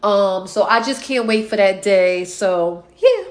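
A woman's voice: mid-range voice, a little slow. Casting: woman, late 30s, vlogger, chatty and tender-hearted, sighs a lot. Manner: emotional, sighing, chatty. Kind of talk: casual chat to followers.

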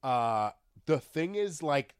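A man's voice: a little high, very animated, slow pace, clear, resonant tone, no room sound. Dry-sounding young man joking around. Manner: joking, profane, rambling. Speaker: podcast co-host. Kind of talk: casual chat.

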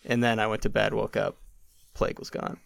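A young man spins a long anecdote in a low, gravelly voice that sits close and dry to the mic. He keeps it loose and animated, dropping in plenty of "like" and doing little voices for the people he quotes. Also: fairly quick, no room sound. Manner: animated, acts out quotes, many "like" fillers. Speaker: podcast guest. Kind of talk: casual storytelling.

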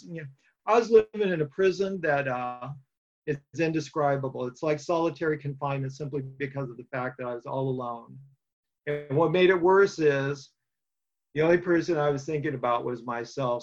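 A man's voice: on the high side, highs cut off. A man giving a personal testimony at a recovery meeting, telling his story plainly with dry humor and frequent fillers.

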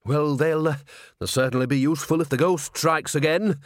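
A man's voice: a little high, moderate pace, no echo, clean studio sound, voice pushed up, lightly acted. A man reading an audiobook, voicing a nervous, fretting male opera house owner. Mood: fretful.

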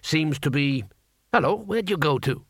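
A man's voice: on the high side, lively intonation, unhurried, fairly bright tone, no echo, studio quality, heavily acted. A man voicing a shrewd, casual male street trader who talks in an offhand, unbothered drawl. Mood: chatty.

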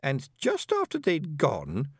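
Man voicing old granny telling a tale, raised pitch, very lively, dry close sound. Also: slow pace, vocal fry, husky, dry recording, exaggerated voice. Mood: storytelling.

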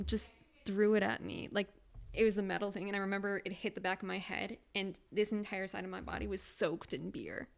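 A woman's voice: mid-range voice, steady tone, brisk, gravelly. A young woman in her twenties, co-hosting a podcast and telling a story in casual, profane chat. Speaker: podcast co-host.

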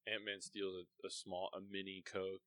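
A man with a somewhat low voice adds quick remarks and corrections in loose conversation. His sound is dry and close to the mic. He speaks in short bursts that overlap with his partner. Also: completely flat delivery, fairly bright tone, dry recording. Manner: chimes in with short interjections and corrections. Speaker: podcast co-host. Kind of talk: casual chat.

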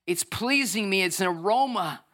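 A man in his thirties preaching a lively sermon as pastor, acting out voices and swinging from loud bursts to soft, tearful moments. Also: sits high, moderate pace. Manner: energetic, acts out voices, swings from shouting to near tears.

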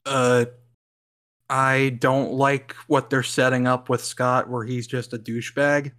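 Slow and level in tone, a man with a mid-range, slightly bright voice co-hosts a podcast. He chats casually and rambles, laughing often and using lots of likes and ums.

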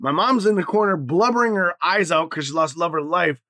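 High-voiced blunt profane man. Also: brisk, dry recording. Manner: blunt and profane, swings between loud outbursts and quiet reflection. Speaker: podcast co-host. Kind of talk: casual chat.

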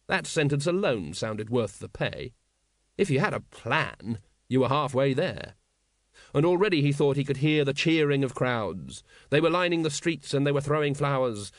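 Dry, measured male audiobook narrator. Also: medium pitch, animated, no room sound.

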